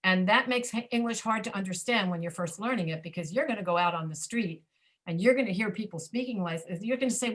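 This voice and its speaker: A woman with an American accent teaching an online English pronunciation class, patiently repeating words slowly to show where the stress falls. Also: mid-range voice, fairly bright tone.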